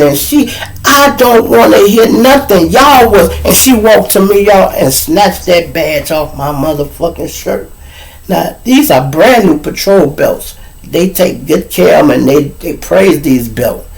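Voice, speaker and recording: Animated man telling a story. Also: a little high, gravelly, low-quality recording. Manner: animated, profane, acts out quotes, addresses audience. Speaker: show host. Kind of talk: casual storytelling to viewers.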